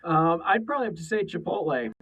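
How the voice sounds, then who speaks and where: A man's voice: high-pitched, expressive, fast talker, a bit bright, breathy edge, poor audio. A man co-hosting a casual trade podcast, talking in a rambling way full of restarts. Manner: rambling, many fillers and restarts. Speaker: co-host.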